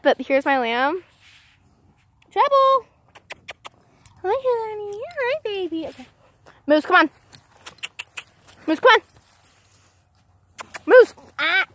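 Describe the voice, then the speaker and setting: A teenage girl vlogging outdoors on a walk, chatting casually into a handheld phone, easily distracted and breaking off to call her dog. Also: sits high. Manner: distracted, chatty, keeps calling to her dog mid-sentence. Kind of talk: casual rambling vlog.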